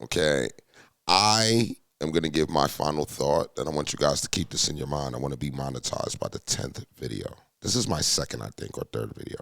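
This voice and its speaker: A man giving casual reaction commentary on a clip, in a relaxed, chatty way. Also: rumbling low, fairly quick, gravelly, no room sound, clean studio sound. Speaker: reaction video creator.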